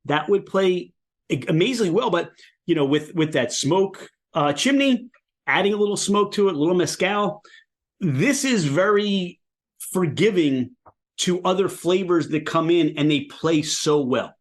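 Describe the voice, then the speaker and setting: A man's voice: high-pitched, unhurried. A man hosting a podcast, chatting enthusiastically and in detail about a drink he is tasting. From Pennsylvania, USA. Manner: enthusiastic, animated tasting talk. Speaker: podcast host. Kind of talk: casual interview chat.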